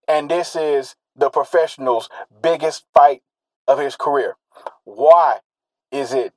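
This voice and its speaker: A man's voice: on the high side, a little mellow, no room sound, low-quality recording. Emphatic man in a heated monologue. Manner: emphatic, with rhetorical questions and drawn-out stressed words. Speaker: commentator. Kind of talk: solo social commentary monologue.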